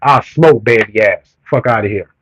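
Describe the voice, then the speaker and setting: A man's voice: fairly low pitch, normal speed, a bit bright, slightly rough, no room sound, low-quality recording. A man on a livestream, talking to his chat in a blunt, profane, heated rant that keeps building in emphasis. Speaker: streamer reading comments.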